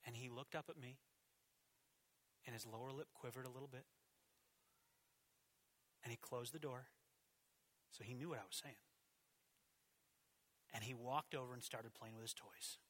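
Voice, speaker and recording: A man in his thirties preaching a sermon in a church, telling a personal story with animated swings between loud and hushed delivery. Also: medium pitch, moderate pace, long pauses. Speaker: pastor.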